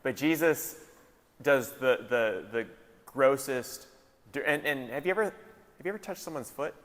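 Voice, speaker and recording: A man, a pastor, giving a casual, joking sermon with lively retellings. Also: medium pitch, normal speed, in a large hall. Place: large hall.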